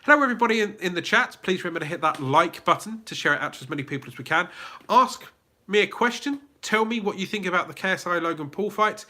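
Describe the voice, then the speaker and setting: A fast-talking livestream host with a high-pitched, expressive, sharp voice chats through a casual live Q&A. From England, he has a southern English accent, reads viewer comments aloud, and uses many fillers and restarts.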